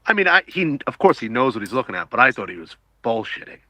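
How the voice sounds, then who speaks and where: A man telling an excitable diving story, swearing casually and acting out what he said at the time. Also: medium pitch, fast, no room sound. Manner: excitable, swears casually, acts out his own quotes. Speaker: wreck diver guest. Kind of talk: animated storytelling.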